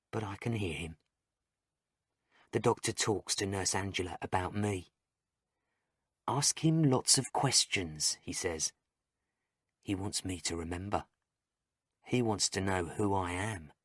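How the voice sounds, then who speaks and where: A man reads a first-person story for English learners at a slow, even pace. His short sentences are plain and carefully spaced. The sound is dry and close, with no room echo. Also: deep voice. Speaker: story narrator. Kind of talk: graded reader story narration for English learners.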